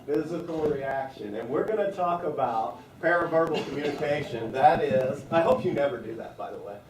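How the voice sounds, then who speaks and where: A man's voice: a little high, lively intonation, moderate pace, far from the mic, a crowd in the background. Guy teaching a training session in an echoey classroom, recorded from across the room. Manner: conversational, asks the room questions.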